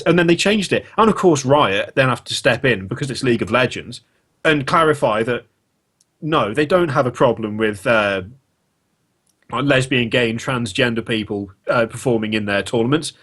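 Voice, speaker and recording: A man's voice: medium pitch, moderate pace, a bit bright, breathy edge. A man hosting a casual podcast chat, ranting in disbelief with lots of swearing. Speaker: podcast host.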